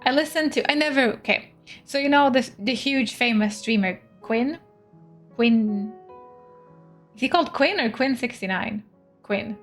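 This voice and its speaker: Playing a game on stream, a young Swedish woman chats in a giggly, casual way and reads the game text aloud; Swedish is her first language. Her voice is a little high, and she talks unhurriedly with long pauses. Music plays faintly underneath.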